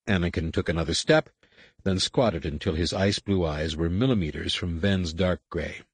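A man reading a science fiction novel aloud as narrator, in a measured, even way. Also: deep voice, slightly rough, no echo. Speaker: audiobook narrator. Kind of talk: scripted narration.

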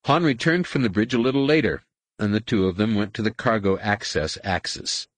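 A man's voice: lowish voice, a little fast, no echo. A man narrating a story aloud, reading expressively and giving each figure a voice. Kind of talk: audiobook narration.

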